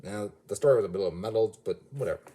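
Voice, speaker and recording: A man's voice: on the low side, quick pace, mellow. A man giving a casual, rambling movie review, often restarting and correcting himself mid-sentence. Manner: rambling, self-correcting, chatty.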